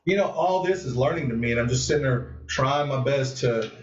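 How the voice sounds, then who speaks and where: A man hosting a live stream, telling a story in a rambling, animated way and acting out what others said. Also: mid-range voice, brisk, recorded from a distance. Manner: rambling, animated, with lots of restarts and acted-out quotes. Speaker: host of a live cannabis stream. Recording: muffled echoey room, voice off-mic.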